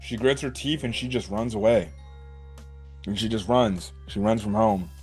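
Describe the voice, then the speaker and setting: A man giving a casual, animated recap of an anime episode, swearing and saying "like" a lot. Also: on the low side, normal speed, gravelly, soft background music. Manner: animated, swears, many "like"s and "right?". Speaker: anime reviewer.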